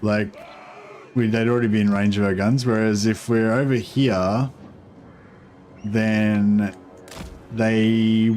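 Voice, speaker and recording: A man giving casual, rambling gameplay commentary as a streamer, with plenty of fillers. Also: fairly low pitch. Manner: relaxed, rambling, many fillers.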